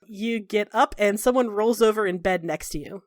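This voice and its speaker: A woman's voice: medium pitch, normal speed, no echo, studio quality. A woman running a tabletop game as game master, narrating with a playful, giggly manner.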